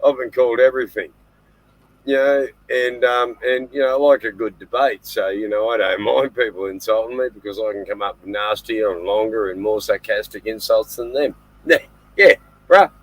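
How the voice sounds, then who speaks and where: A man's voice: fairly low pitch, normal speed, no echo, rough recording. Laid-back Australian man joking on a call. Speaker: caller. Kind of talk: casual chat.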